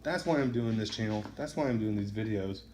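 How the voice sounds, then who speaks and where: Practicing at a home dice setup, a craps vlogger throws dice and rambles between rolls, counting the results out loud. His voice is lowish and fairly quick, and the echoey room is very noisy.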